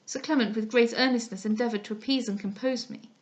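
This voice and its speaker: Female audiobook narrator, slightly high, measured and expressive. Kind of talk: reading a classic novel aloud.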